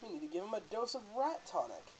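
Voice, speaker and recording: A man's voice: sits high, big pitch swings, fast talker, darkish tone, faint music behind, voice pushed up, low-quality recording. A man voicing an eager young male wizard friend in a put-on British accent, reading game dialogue.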